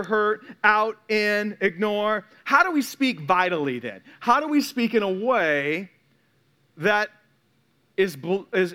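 A man preaching a sermon as a pastor, animated, often repeating words and acting out quoted voices. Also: high voice.

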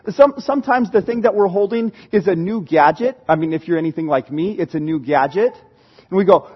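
A male pastor with a high, husky voice delivers a lively, conversational sermon in a church. He talks easily with the congregation and sometimes breaks into shouts. The recording is muffled and lo-fi. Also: brisk.

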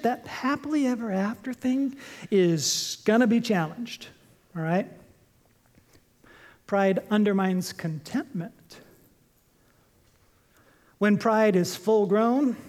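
A man preaching a sermon as pastor, emphatic and jokey, repeating his short points. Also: high voice. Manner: lively, jokey storytelling preacher.

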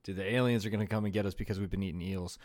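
A man co-hosting a casual podcast, laid-back and quick to laugh, swearing casually. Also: low voice, steady tone, darkish tone, no echo, studio quality. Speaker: podcast co-host.

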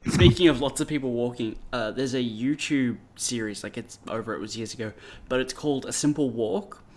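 A man co-hosts a casual podcast with dry, teasing banter. His voice sits at a middle pitch. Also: brisk, darkish tone.

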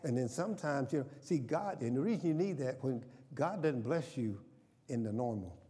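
Older pastor, mellow timbre, call-and-response sermon, long church reverb. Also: male voice, medium pitch, expressive, moderate pace. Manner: call-and-response, asks congregation questions. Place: church sanctuary.

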